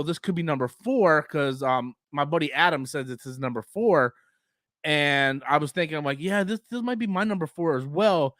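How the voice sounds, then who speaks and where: A man's voice: a little high, fairly bright tone, no room sound. A man hosting a casual live stream, heated and profane, who breathes through his mouth and coughs often.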